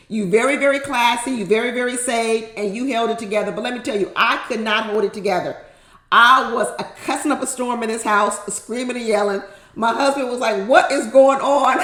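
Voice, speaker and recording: Woman vlogger chatting to viewers, laughing a lot, kinda high voice, roomy echo. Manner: animated, laughing, talks straight to viewers. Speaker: YouTube reality TV recap host. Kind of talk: casual chat.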